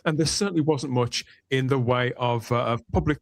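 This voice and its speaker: A man's voice: medium pitch, fairly quick, no room sound. A man hosting a casual podcast, leading the talk in a jovial, chatty way. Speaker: podcast host.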